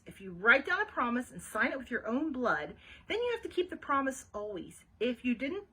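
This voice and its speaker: A woman librarian reads a children's chapter book aloud with a very lively, bouncing delivery. Her voice is bright and a little breathy, pitched somewhat high. She breaks off now and then for chatty asides to young listeners. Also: rough recording.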